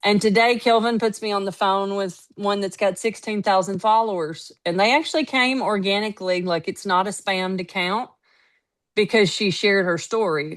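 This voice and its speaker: A woman giving a casual motivational talk, telling stories emphatically and acting out what others said. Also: fairly low pitch. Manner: storytelling, quoting others, lively and emphatic. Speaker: network marketing team leader.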